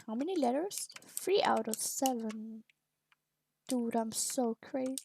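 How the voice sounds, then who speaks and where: A woman giving excitable, giggly gameplay commentary while playing a video game. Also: on the high side, vocal fry, breathy edge. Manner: excitable and giggly, quick reactions. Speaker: gamer.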